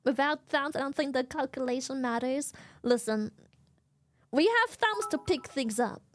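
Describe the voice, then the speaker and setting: A high-voiced woman chatting casually on a live stream. She rambles in an animated way, giggles often and swears freely. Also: normal speed.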